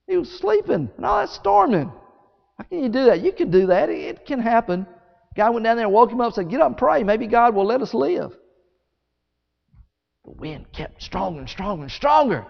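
A man preaching a sermon as a story, animated and folksy, acting out scenes with sound effects. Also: very high-pitched, a little fast, vocal fry. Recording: echoey hall, dull sound.

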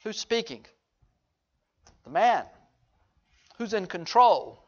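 A man preaching a sermon, swinging from hushed low asides to loud, high-pitched exhortation. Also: big pitch swings, takes it slowly, dull audio. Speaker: pastor.

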